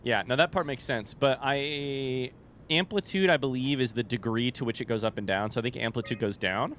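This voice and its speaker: Excitable, swearing gamer man. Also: medium pitch, normal speed, slight background noise. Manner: excitable, rambling and swearing, jokey. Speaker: let's-play gamer. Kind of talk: casual, unscripted game commentary.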